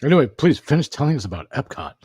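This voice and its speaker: A man's voice: medium pitch, sing-song, quick pace, darkish tone, husky, no room sound, studio quality. A man from Southeast Texas in casual podcast chat, teasing and doubting his co-host. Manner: teasing, skeptical interrupter.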